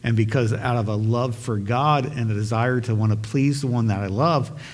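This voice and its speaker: Male pastor, mid-pitched, earnest emphatic sermon voice, long church reverb. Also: normal speed. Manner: earnest, emphatic, repeats phrases for stress. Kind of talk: sermon with prayer. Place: church sanctuary.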